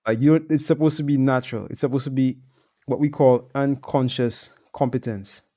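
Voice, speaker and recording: A man's voice: mid-range voice, fairly even intonation, normal speed, warm tone. A man talking as a sales coach in a casual discussion, laid-back and slangy, explaining with examples.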